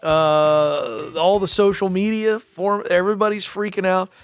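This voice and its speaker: Animated man co-hosting a talk show. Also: sits high, measured pace, dry recording, faint music behind. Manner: animated, wry, keeps turning to his co-host. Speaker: radio show co-host. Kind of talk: casual chat.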